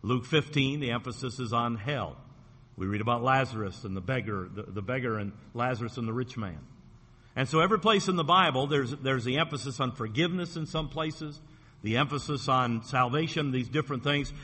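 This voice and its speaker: Male pastor, bright husky voice, deliberate emphatic sermon delivery, church hall reverb. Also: mid-range voice. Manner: slow, deliberate preaching with emphatic repetitions. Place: church sanctuary.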